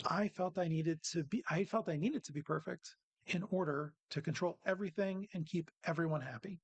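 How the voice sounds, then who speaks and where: Man, gravelly and husky, earnest personal reflection at a worship service, dry close sound. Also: fairly high pitch, moderate pace, no room sound. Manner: earnest, personal, self-deprecating. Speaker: lay speaker giving a reflection.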